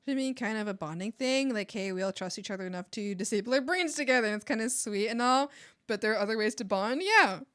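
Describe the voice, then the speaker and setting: A woman streamer chatting loosely with her viewers, her voice sitting a little high and bouncing all over. She laughs a lot and drops the odd swear word in passing. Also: expressive, fast, a bit bright. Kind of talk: casual chat with viewers.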